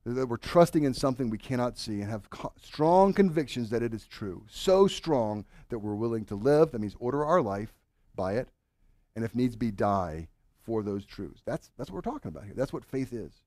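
A married man preaching a sermon to his congregation, swinging from loud urging to hushed, earnest questions. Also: mid-range voice, big pitch swings, normal speed, no echo, clean studio sound. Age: adult, married with children. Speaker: pastor.

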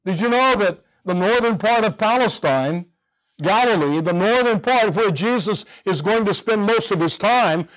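Casting: a man preaching a sermon, pitched a bit high, earnest and conversational, dull lo-fi recording. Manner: animated, conversational preaching with quiet earnest stretches. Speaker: pastor.

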